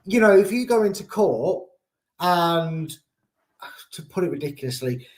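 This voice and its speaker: A man with a somewhat raised pitch talks through football issues in a loose, rambling way. He jokes as he goes and swaps in silly made-up words to dodge touchy terms. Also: animated, unhurried, darkish tone. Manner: joking, rambling, uses playful made-up euphemisms. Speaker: co-host and pundit. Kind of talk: casual discussion.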